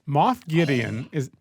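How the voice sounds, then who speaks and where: A man's voice: fairly high pitch, husky, no echo. Laid-back man with joking asides. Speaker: podcast co-host. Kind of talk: casual podcast chat.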